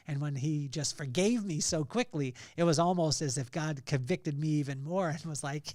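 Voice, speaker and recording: Middle-aged male podcast host, earnest storyteller, slightly raised pitch, dry room. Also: fairly quick, hardly any pauses, no echo. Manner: earnest storytelling, rising to loud emphasis. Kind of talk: faith-based motivational talk.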